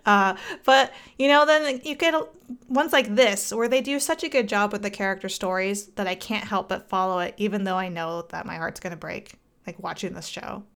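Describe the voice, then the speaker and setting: A woman's voice: medium pitch, moderate pace, a bit bright, clean tone. A woman co-hosting a casual anime podcast, chatty with many fillers and frequent laughs. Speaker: podcast co-host. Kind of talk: casual chat about anime.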